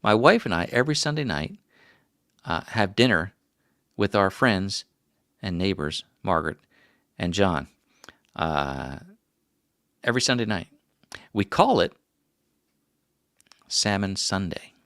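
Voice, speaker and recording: A man's voice: low-pitched, expressive, slow pace, long pauses, fairly bright tone, dry recording, studio quality. A middle-aged man hosting a casual livestream, rambling through stories with self-mocking jokes. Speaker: livestream host.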